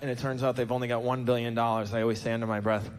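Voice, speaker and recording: A man's voice: mid-range voice, level tone, racing, clear, resonant tone. A man in his fifties doing a stand-up comedy set on a club stage, telling wordy mock-pompous stories that build to emphatic punchlines. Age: 50s. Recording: noisy live stage recording.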